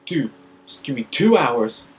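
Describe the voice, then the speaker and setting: A man putting on the voice of a drunk, crude young male bandmate in a story he tells, pleading loudly and brashly. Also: medium pitch, sing-song, a little slow.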